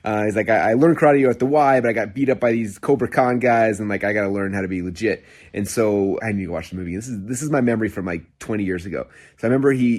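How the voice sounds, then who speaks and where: A man in his thirties hosting a podcast, telling a story in a casual, excited, rambling way with lots of fillers and restarts. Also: lowish voice, husky. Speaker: podcast host.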